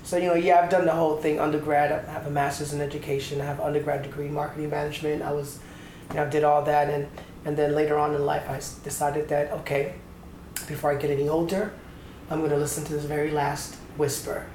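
A middle-aged man from Atlanta, Georgia recounts his career as a dancer and choreographer in a relaxed interview. He tells it with animation and acts out the people he quotes. The room is echoey, with a faint hiss behind him. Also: on the high side, quick pace. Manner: animated storyteller who acts out quoted voices. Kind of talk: conversational interview storytelling.

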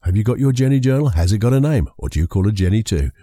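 A man's voice: on the low side, lively intonation, fast, mellow, no room sound, studio quality. A man giving a self-help coaching talk straight to the listener, repeating key words as he walks through each step.

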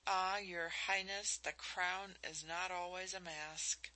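Woman voicing a tender young man in love, soft earnest pleading, slow and bright, audiobook. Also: on the low side, steady tone, poor audio.

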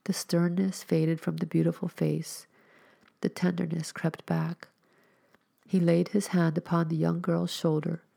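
A woman reading a short story aloud as a storyteller, with measured, expressive narration. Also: lowish voice, vocal fry.

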